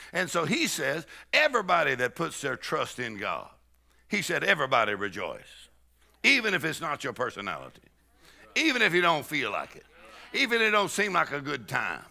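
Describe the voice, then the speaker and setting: A man preaching a sermon to a live church crowd. He tells folksy stories with jokes, and he laughs and shouts to lead the congregation in rejoicing. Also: medium pitch, creaky.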